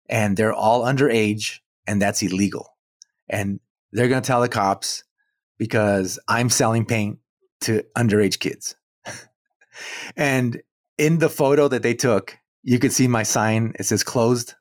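A man tells a long story as an interview guest, animated and amused, acting out what others said to him. His voice sits at an ordinary pitch for a man, and the recording is dry with no room sound. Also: no echo. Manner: animated, acts out quoted dialogue, chuckles between points. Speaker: muralist guest.

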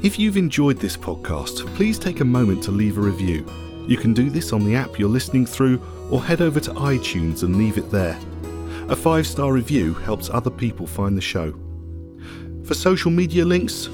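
Male podcast storyteller, expressive and measured, lively melody. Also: medium pitch, over music. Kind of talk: scripted audiobook narration.

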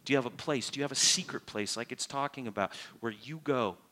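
A man preaching a sermon as a pastor, asking his congregation direct questions and jumping up in pitch and volume to make a point. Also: fast. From United States. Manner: animated, rises sharply for emphasis and mock-prayer voices.

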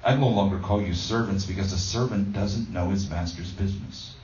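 A man's voice: low-pitched, brisk, a little mellow, slight background noise. A man preaching a conversational sermon, telling a homey story with many ums and restarts. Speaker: pastor. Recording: roomy distant dull sound.

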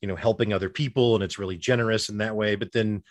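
A man's voice: lowish voice, steady tone, quick pace, no echo. A man hosting a podcast interview, asking rambling, hesitant questions and laughing easily. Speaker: podcast host. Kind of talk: casual interview.

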